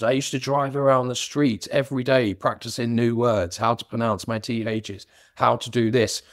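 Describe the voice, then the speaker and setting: A man's voice: medium pitch, no echo. A middle-aged Englishman with a faint London accent and a plain mid-range voice, recorded close and dry with no room in it. He speaks candidly and reflectively, and now and then he's a little amused at his own story. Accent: London, slightly Cockney. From England. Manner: earnest, reflective, occasional self-amused laughter. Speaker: author and business guest. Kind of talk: candid interview answers.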